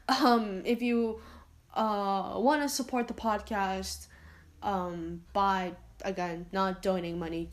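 Woman, solo podcast host, rambling and self-deprecating, full of ums and restarts, apologetic. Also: on the low side. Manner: apologetic, anxious asides. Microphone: home podcast mic, uneven volume.

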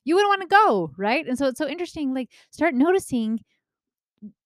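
A woman in her thirties giving casual parenting advice, lively and acting out the remarks she quotes. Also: sits high, fairly quick, no room sound, clean studio sound. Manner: animated, acts out quoted remarks, often asks "right?".

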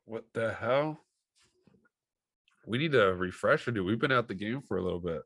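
Easygoing male podcast host, fairly low voice, dry close sound. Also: expressive, moderate pace, a bit bright, slightly rough, no echo. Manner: easygoing, rambling with fillers. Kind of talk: casual chat.

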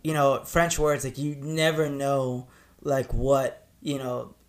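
A man with a mid-range voice speaks slowly in a level tone. He hosts a casual podcast, telling rambling stories, cussing freely and laughing often.

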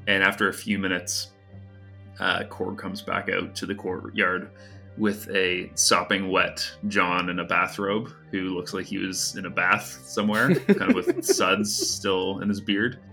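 A man with a lowish, bright, forceful voice narrates a tabletop game as game master. His telling is loose and casual, full of little hesitations. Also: a little slow, vocal fry, soft background music.

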